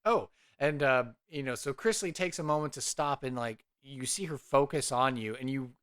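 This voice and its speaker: A man's voice: medium pitch, normal speed, a bit bright, clear, resonant tone. A man casually narrating his character's actions in a tabletop game, rambling with many fillers. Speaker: player.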